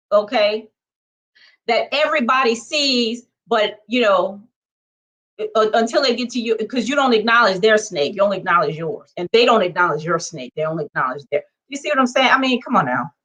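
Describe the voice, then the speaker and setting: A woman with a fairly high voice delivers a casual vlog monologue. She talks conversationally and keeps checking in with her viewers. Her delivery swings between low asides and excited high bursts. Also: normal speed. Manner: conversational, punctuates points with "okay?" and numbered lists. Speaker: vlogger.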